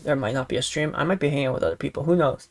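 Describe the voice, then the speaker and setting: A man's voice, raspy and hoarse from talking too long, delivers a casual, rambling vlog update. He vents his frustration, circling back over the same phrases. Underneath it all he sounds tired and ready to sleep. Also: fairly high pitch, very fast. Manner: frustrated venting with repeated phrases. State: hoarse, voice worn out. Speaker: streamer.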